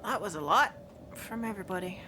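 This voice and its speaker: A woman streaming a video game, chatting and commenting in a giggly way with bursts of high excited squeals. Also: brisk, slight background noise.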